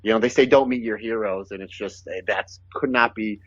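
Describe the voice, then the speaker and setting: A man's voice: lowish voice, a little fast, no room sound. Man telling stories, muffled audio. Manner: animated, quotes others in his stories. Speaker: guest, pro wrestler. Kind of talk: casual storytelling.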